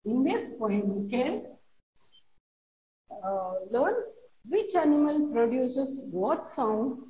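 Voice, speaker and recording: A woman teaching a classroom lesson, reading a poem aloud and explaining each word slowly and repetitively to children. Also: a little high, dark tone, slight background noise. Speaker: schoolteacher. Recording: roomy echo.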